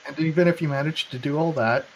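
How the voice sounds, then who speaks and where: A man's voice: on the high side, steady tone, quick pace, over a noisy crowd, poor audio. A man co-hosting a casual political chat, rambling with sarcastic asides. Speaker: podcast co-host.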